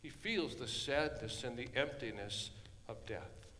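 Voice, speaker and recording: Slow dramatic preacher man in a reverberant hall. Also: medium pitch, lively intonation, a little hiss or hum. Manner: dramatic storytelling, swinging from hushed to loud. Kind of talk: sermon.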